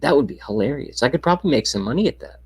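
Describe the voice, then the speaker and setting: A man's voice: mid-range voice, big pitch swings, racing, creaky, husky, rough recording. A man hosting a casual live-streamed rant, talking to his chat, sarcastic and profane, sometimes dropping into a whisper. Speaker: livestream host. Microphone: webcam mic.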